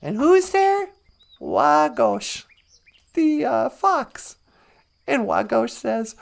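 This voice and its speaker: A woman's voice: high-pitched, very animated, slow pace, creaky. A woman telling a humorous folk tale in a loose, chatty live-stream manner, chuckling along. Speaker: storyteller. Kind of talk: casual live-stream storytelling.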